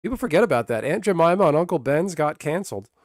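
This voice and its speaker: A man's voice: a little high, very animated, fast talker, no room sound, clean studio sound. A man streaming, ranting casually and bluntly with profanity, restarting his sentences often. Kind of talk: casual livestream rant.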